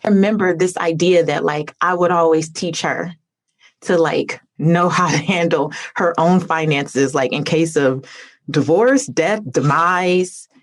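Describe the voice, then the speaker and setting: A woman's voice: deep voice, a little slow. A woman hosting a podcast interview over a video call, talking in an effusive, heartfelt way with lots of "like.". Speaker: podcast host. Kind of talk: conversational interview.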